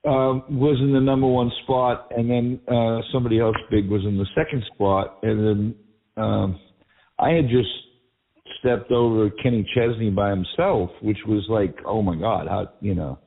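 A man's voice: medium pitch, steady tone, moderate pace. A man with a Massachusetts accent, a guest singer-songwriter chatting casually, rambling with lots of fillers. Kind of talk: casual call-in chat. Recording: tinny phone-like line with faint music.

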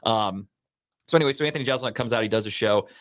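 A man co-hosting a podcast, telling a long story in a profane, animated, casual way. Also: on the low side, racing, no echo. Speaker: podcast co-host.

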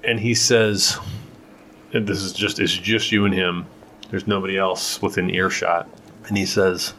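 Deep-voiced man running a tabletop game. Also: flat delivery, a little slow, pushed and bright, slight background noise. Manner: loose, rambling, full of fillers. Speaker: game master.

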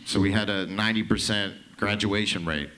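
A man in his thirties from Canada doing a stand-up set, telling profane, rambling stories with quick asides. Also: on the low side, steady tone, very noisy. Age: 30s. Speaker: stand-up comedian.

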